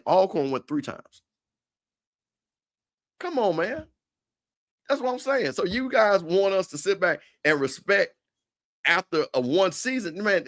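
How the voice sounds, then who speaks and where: A man hosting a casual livestream, trash-talking in an animated way with stammered restarts. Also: high-pitched. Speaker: show host.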